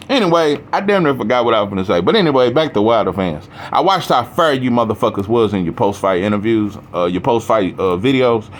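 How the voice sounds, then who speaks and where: A man in an animated, heated rant about boxing, swearing often and circling back on himself. His pitch leaps high and drops low as he gets worked up, in a loose, casual Black delivery. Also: slight background noise. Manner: heated, profane, rambling with restarts. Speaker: boxing commentator.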